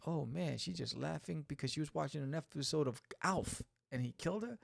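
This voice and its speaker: Gravelly, chatty man reviewing comics. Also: a little high, normal speed, few pauses, no echo, studio quality. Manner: animated, chatty, joking asides. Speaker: podcast host reviewing a comic. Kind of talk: casual comic review commentary.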